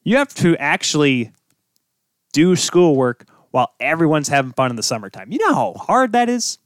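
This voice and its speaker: A man's voice: a little high, sing-song, normal speed, no echo, clean studio sound. A young man hosting a casual solo sports talk show, tired from little sleep, rambling and breaking off into jokey asides. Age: young adult. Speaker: podcast host.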